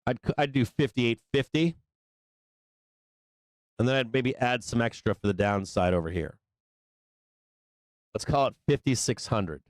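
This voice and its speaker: A man hosting a live stock market show, talking through trades in a loose, profane, excitable way. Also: mid-range voice, a little slow, pauses often, no echo. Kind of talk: live trading commentary.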